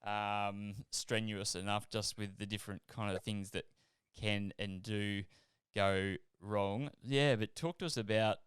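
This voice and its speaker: A man's voice: on the low side, steady tone, a little slow, a bit bright, clean tone, no room sound, studio quality. A man hosting a casual interview over a video call, encouraging his guests and laughing along. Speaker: host.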